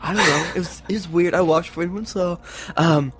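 A man playing a character in a tabletop role-play, animated and jokey, recorded close to the mic. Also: high voice, moderate pace. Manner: animated, jokey, breaks into laughter. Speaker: player.

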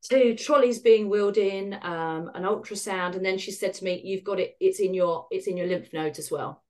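A woman's voice: medium pitch, moderate pace, a little mellow. A middle-aged woman, a podcast guest, tells her personal story in a frank, self-deprecating way and acts out the dialogue she recalls. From United Kingdom.

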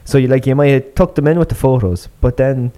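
A man's voice: mid-range voice, brisk, mellow. A man co-hosting a podcast, chatty and laughing often, slipping into quoted voices. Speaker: podcast co-host. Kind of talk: casual chat.

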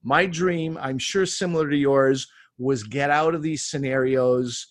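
A man, a comedian guest, telling lively anecdotes in casual chat, acting out quotes as he goes. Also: mid-range voice, a little slow, dry recording, clean studio sound. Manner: animated anecdotes with acted-out quotes.

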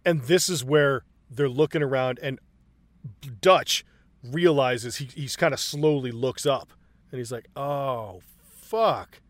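A man co-hosting a casual film chat, excited and profane, acting out movie lines as he retells scenes. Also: mid-range voice, measured pace, dry recording. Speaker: podcast co-host.

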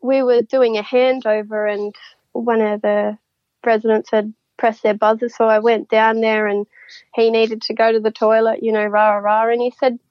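A woman's voice: fairly high pitch, level tone, normal speed, dry recording. Woman guest, rambling storyteller, dull lo-fi sound. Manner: chatty, rambling, laughs often. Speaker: psychic guest. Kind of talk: casual storytelling. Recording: dull lo-fi, dry.

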